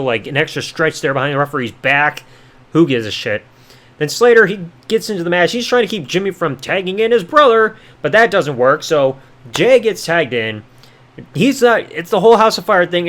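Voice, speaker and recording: A male podcast host recapping an episode in an offhand, sarcastic manner, dropping the odd swear. His voice sits somewhat high and swings widely in pitch. The delivery stays loose and conversational. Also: a bit bright. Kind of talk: casual recap commentary.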